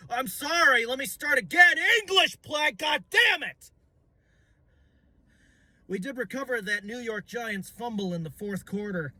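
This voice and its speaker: A young man ranting about football, excitable and profane, shouting and stumbling over his words. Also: high voice. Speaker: sports fan vlogger. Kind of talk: ranting fan commentary.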